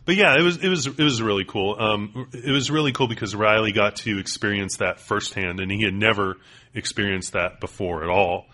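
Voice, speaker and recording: A man co-hosting a podcast in casual chat, an excitable storyteller who piles up fillers and restarts. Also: fairly low pitch, brisk. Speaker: podcast co-host.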